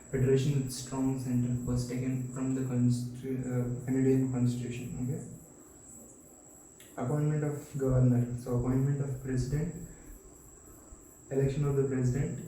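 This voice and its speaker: A man teaching a classroom lecture, halting and repetitive, with many fillers and self-corrections. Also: medium pitch, dark tone, distant mic, slight background noise. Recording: very echoey room, voice off-mic.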